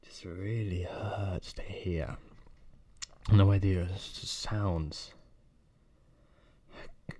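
A man's voice: low-pitched, takes it slowly, dark tone. A man co-hosting a comedy podcast, talking in a dazed, mumbling way as if he has hit his head. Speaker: podcast co-host. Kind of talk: comedic improvised chat.

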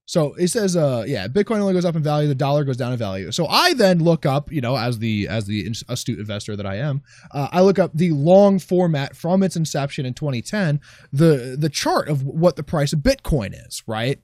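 A sarcastic man chatting casually on a podcast, swearing freely and breaking off his sentences. His voice sits a bit high and swings widely in pitch. The sound is dry and close. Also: sing-song, brisk, darkish tone, no echo. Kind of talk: casual chat.

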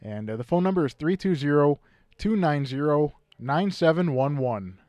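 A man reads items for sale and phone numbers on a local radio show, slow and steady, his voice a little worn and hoarse. His voice is slightly high, and the studio sound is dry and close. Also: no room sound. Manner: steady, plain reading of listings and phone numbers. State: losing his voice. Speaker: radio co-host.

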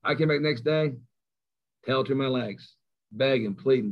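Middle-aged male coach, lively self-deprecating storyteller, mid-pitched, slightly muffled lo-fi recording. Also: normal speed. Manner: animated, self-mocking storyteller. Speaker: high school football coach. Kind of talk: storytelling in an interview.

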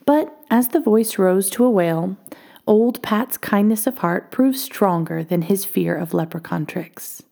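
A woman reading a children's storybook aloud, expressive and often dropping to a hush. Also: medium pitch, a little slow, creaky.

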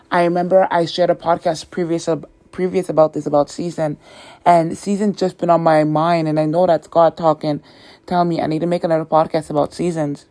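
A woman's voice: fairly low pitch, fairly even intonation, normal speed, dark tone. A woman hosting a faith podcast, praying and talking earnestly with many repetitions. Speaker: podcast host. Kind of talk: prayer and faith talk.

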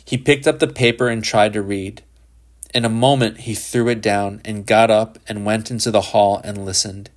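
A man narrating a literary short story in a measured, even audiobook reading. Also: fairly low pitch.

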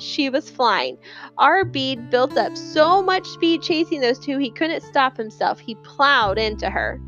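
A woman narrating an audiobook in an expressive storytelling manner. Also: sits high, muffled recording. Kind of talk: scripted narration.

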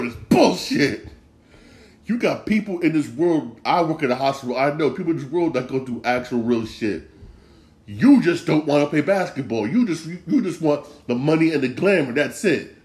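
A man's voice: a little high, lively intonation, normal speed, a little mellow. Man, sports podcast host, heated profane rant, repeats himself. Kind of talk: ranting sports commentary.

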